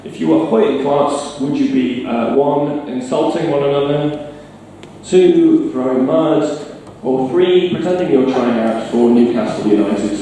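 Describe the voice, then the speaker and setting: A man's voice: mid-range voice, unhurried, dark tone, distant mic, slight background noise. A middle-aged man from Northeast England with a mild northern accent, giving a wry, self-deprecating talk to a live audience. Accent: mild northern English. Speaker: storytelling speaker. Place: bar. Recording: roomy bar sound from afar.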